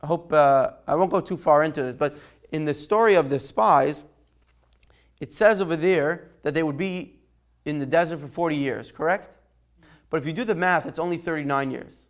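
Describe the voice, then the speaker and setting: A man's voice: a little high, normal speed. A man teaching a Torah class in a conversational way, checking in with his students and taking their questions. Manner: conversational, takes questions by name, asks "right?". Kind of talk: informal Torah lesson.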